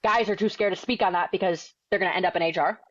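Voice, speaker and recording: Blunt, fast-talking young woman. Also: lowish voice, steady tone, dry recording, lo-fi sound. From New England. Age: 20s. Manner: blunt, outspoken, slangy and quick. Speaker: firefighter and author, podcast guest. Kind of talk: casual interview storytelling.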